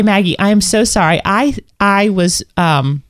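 A woman's voice: mid-range voice, a little slow. A woman in her thirties co-hosting a podcast, chatty and rambling, often restarting her sentences and poking fun at herself. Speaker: podcast co-host. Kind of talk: casual chat.

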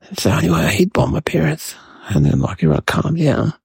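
A man's voice: fairly high pitch, huge pitch swings, fast, creaky, a little mellow, husky, no room sound, full character voice. A man voicing a mischievous, chatty young boy who rambles to the viewers in a comedic monologue. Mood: rambling. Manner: rambling, addresses viewers as guys.

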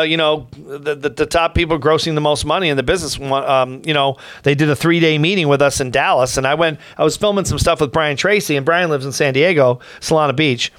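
A middle-aged man tells a long story from his working life in a casual, wandering way, stopping to restart his sentences and toss in asides. His voice sits slightly high for a man. The sound is dry and close, with no room around it. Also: dry recording. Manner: rambling, many restarts and asides, animated quotes. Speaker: podcast host, professional speaker.

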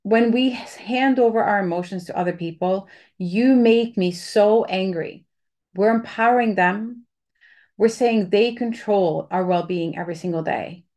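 A woman's voice: medium pitch, moderate pace, darkish tone. A woman giving casual, candid advice on handling anger, chatty, with many fillers and restarts.

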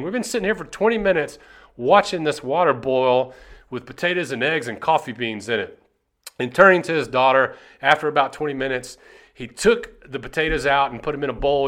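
A man's voice: medium pitch, fairly bright tone. A man hosting a motivational podcast, speaking earnestly and emphatically as a success coach and telling a story.

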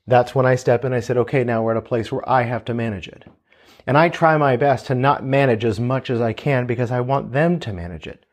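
Man, 30s, mid-pitched, earnest parent talking through advice, storytelling tone. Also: a little mellow. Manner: earnest, storytelling with quoted dialogue. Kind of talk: casual advice talk.

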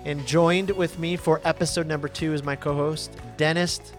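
A man in his forties hosting a podcast, telling a personal story in an animated, conversational way. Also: a little high, normal speed, faint music behind. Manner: animated storyteller, lively swings in loudness. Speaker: podcast host.

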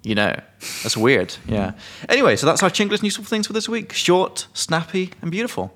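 A man's voice: sits high, very animated, brisk, a bit bright. A man co-hosting a podcast as an English teacher, explaining slang casually with examples and swearing. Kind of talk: casual chat.

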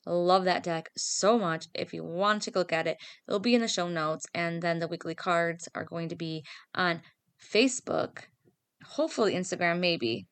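A woman's voice: lowish voice, normal speed, no room sound. A woman hosting her own spiritual podcast as a psychic medium, talking casually in a chatty, upbeat, self-deprecating way. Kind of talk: casual solo podcast talk.

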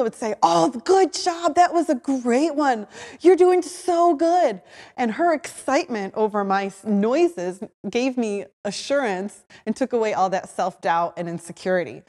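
A woman hosting a podcast, telling her own story in a lively way, acting out her own voice in quotes and often saying "like". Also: medium pitch, in a large hall. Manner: animated, acts out her own voice in quotes, frequent "like". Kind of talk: personal storytelling.

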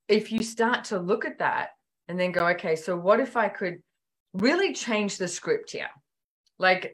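With a voice on the low side, she chats as an author and guest on a relaxed podcast. She tells stories with energy, plays out quoted exchanges, and fills her speech with "like" and "you know".

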